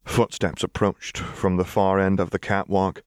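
Slow, deep-voiced male narrator. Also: level tone, a little mellow, smooth, no room sound, studio quality. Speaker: audiobook reader. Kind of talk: scripted narration.

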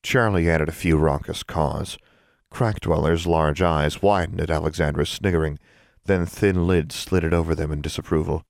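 A man narrating an audiobook in a steady, even storytelling voice. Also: very deep voice, normal speed, gravelly, no room sound, studio quality.

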